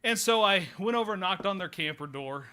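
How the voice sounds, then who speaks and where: Oklahoma pastor, thirties, bright voice, a touch high, folksy rambling storyteller. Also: male voice, animated, fairly quick, clean tone. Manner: folksy, rambling anecdote with many fillers. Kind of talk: sermon storytelling. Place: church sanctuary.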